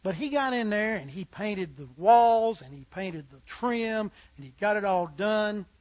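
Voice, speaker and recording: A man's voice: high voice, expressive, a little slow, a little mellow, dry recording, rough recording. A man preaching a sermon, telling folksy humorous stories and acting out the characters.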